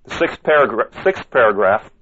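A man's voice: medium pitch, expressive, moderate pace, fairly bright tone. A man speaking alone who reads passages aloud and answers them with emphatic rhetorical questions, often stumbling and restarting. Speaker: ministry speaker. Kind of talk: monologue rebuttal reading quotes aloud. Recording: dull lo-fi recording.

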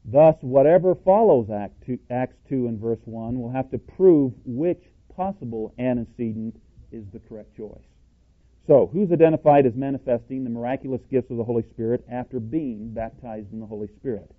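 A man's voice: medium pitch, normal speed. Plain-spoken man preaching over tinny audio. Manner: emphatic, quizzes listeners with rhetorical questions; self-described cowboy, plain-spoken. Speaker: Bible teacher. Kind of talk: scripture-based sermon teaching.

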